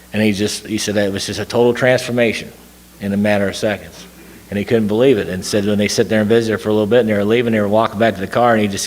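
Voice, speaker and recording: A man telling a long personal story to a recovery group, rambling with fillers and restarts. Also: lowish voice. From Tennessee. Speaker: recovery meeting speaker. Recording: long hall reverb.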